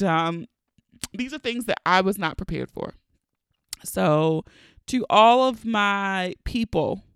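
A woman in her thirties hosting a solo podcast, telling candid, profane, expressive comedic stories. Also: mid-range voice, creaky, dry recording, clean studio sound. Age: 30s. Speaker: podcast host. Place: home recording during lockdown.

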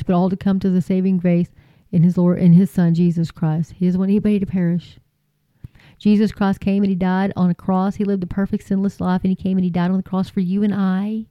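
A woman's voice: mid-range voice, mellow, dry recording, lo-fi sound. A woman preaching informally and earnestly to her viewers, folksy and repeating phrases for emphasis. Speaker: Christian YouTube preacher.

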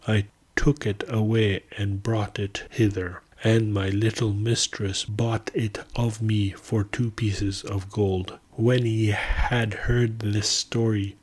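A man narrating an old tale slowly and evenly in solemn, archaic language. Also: on the low side, husky. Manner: slow, even reading with solemn archaic diction. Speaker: podcast narrator. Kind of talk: scripted storytelling narration.

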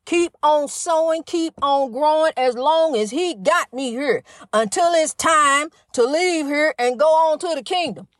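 A woman's voice: high-pitched, measured pace, few pauses, no echo, clean studio sound. A woman in her fifties hosting a podcast, delivering a casual, preachy monologue full of repetition and calling the listener honey. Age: 50s. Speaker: podcast host.

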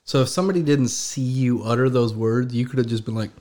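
Man, mid-pitched voice, podcast guest, joking banter, casual chat. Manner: joking, animated banter, quick to laugh.

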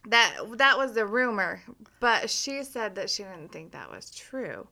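A woman's voice: mid-range voice, big pitch swings, a little slow, vocal fry, bright, forceful tone. A woman co-hosting a podcast, chatting casually and profanely about a true-crime case. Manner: chatty, profane, giggly asides. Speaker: podcast co-host.

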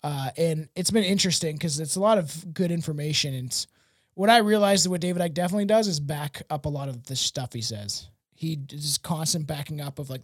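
A man's voice: a little high, fairly quick, breathy edge, dry recording, clean studio sound. A man hosting a podcast, rambling casually with frequent laughs and swearing. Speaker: podcast host.

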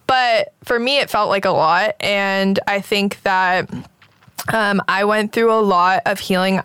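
Animated young woman with a smooth voice. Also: mid-range voice, dry recording. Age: 20s. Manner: animated, fillers like "like", laughs often. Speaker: guest, content creator. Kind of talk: casual faith chat.

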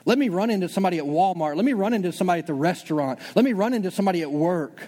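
Pastor guy preaching fast, bit high voiced, echoey big church hall. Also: lively intonation, mellow. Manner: conversational, acts out listeners' doubts in quick asides. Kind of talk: sermon.

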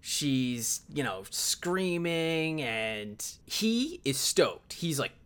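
A man's voice: a little high, very animated, drawn-out words, a bit bright, clear, resonant tone. A man co-hosting a podcast, casually retelling a movie's plot with filler words. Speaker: podcast co-host.

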